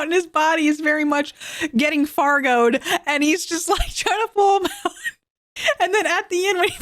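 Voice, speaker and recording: Young woman podcast host, high-pitched, lively casual film recap with frequent laughs. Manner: animated, laughs often while retelling.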